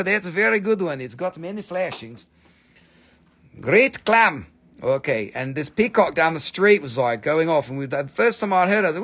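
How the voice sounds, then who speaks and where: A man's voice: fairly high pitch, fairly bright tone. A man hosting a live stream sale, chatting casually and jokingly, swearing freely and tossing in silly voices. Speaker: host selling stones on a live stream. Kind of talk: casual live sales chat.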